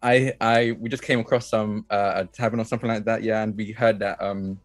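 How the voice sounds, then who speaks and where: A man's voice: fairly low pitch, little pitch movement, fairly quick, dry recording, soft background music, natural voice. A man voicing a fantasy adventurer with a full Essex roadman accent and slangy, laid-back street talk. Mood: chill.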